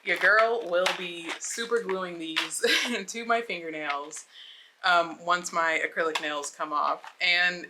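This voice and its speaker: A woman's voice: on the low side, steady tone, slow, background noise. A young adult woman from the United States, chatting casually and bubbly while unboxing, with many filler words. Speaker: vlogger.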